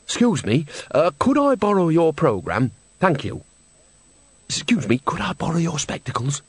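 This is a gossipy old witch from the countryside, cheerful and full of chatter. Her voice sits high and bounces around, put on by a male storyteller. The sound is dry and close, with no room around it. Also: sing-song, slightly rough, dry recording. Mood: chatty. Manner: cheerful, gossipy, talks in rapid asides.

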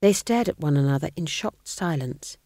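Low-voiced woman narrating an audiobook. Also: animated, normal speed, warm tone, dry recording, clean studio sound. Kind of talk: reading a comic fantasy novel aloud.

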